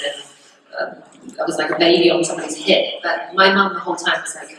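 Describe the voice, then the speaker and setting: A woman with a New Zealand accent chats casually as a convention guest, her lowish voice drifting through fillers and asides. She sounds far from the mic in a big echoing hall, with steady crowd noise behind her. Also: fairly quick. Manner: chatty, rambling with fillers. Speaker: actress guest on a convention panel. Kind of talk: casual panel chat. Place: large convention hall stage.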